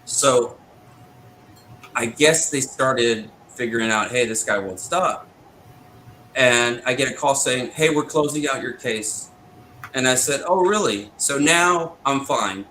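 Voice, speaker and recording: A man's voice: mid-range voice, sharp tone, slight background noise, low-quality recording. Indignant man retelling a dispute. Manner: retells exchanges with quick back-and-forth quotes; indignant, insistent. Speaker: interview guest, military veteran. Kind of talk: first-person storytelling.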